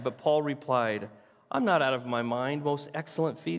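A man preaching a sermon as pastor, rising to loud, high proclaiming and dropping to hushed, low emphasis. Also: brisk. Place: church sanctuary. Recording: long reverb of a large hall.

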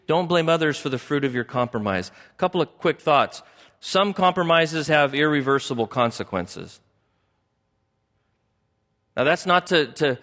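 A man's voice: mid-range voice, fairly bright tone. Emphatic male pastor in an echoey hall. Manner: emphatic, repeats key phrases for stress. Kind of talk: sermon.

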